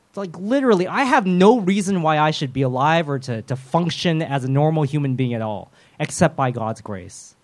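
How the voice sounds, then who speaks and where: A male preacher with a somewhat high voice delivers his sermon conversationally. He acts out prayers and quoted lines in shifting voices. He mixes in self-aware, humorous asides. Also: animated, normal speed.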